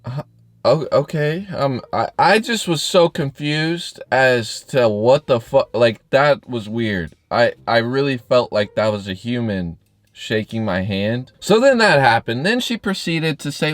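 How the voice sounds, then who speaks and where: A young man tells a story in a casual vlog. He is animated and profane, and his pitch swings high and low around a middle-pitched voice. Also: measured pace. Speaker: YouTuber.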